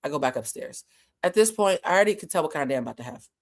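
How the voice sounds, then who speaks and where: A woman vlogger telling a story with animated, profane bluntness. Her voice sits slightly low for a woman. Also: rapid-fire. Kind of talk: casual storytelling.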